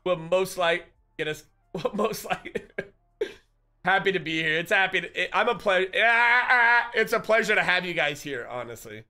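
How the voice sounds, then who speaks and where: A man's voice: sits high, animated, moderate pace, bright, forceful tone, faint music behind. A man streaming live, chatting casually and joking with his viewers, often breaking into laughter.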